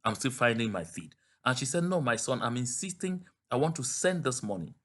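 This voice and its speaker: Man, activist commentator, slow, earnest, solemn address. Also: mid-range voice, sing-song, a bit bright. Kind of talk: direct-to-camera address.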